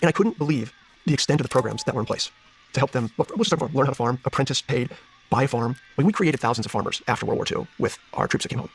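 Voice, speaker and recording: Earnest husky man talking politics fast. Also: mid-range voice, expressive, soft background music. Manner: earnest, searching, many restarts. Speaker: political candidate, guest. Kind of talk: interview conversation.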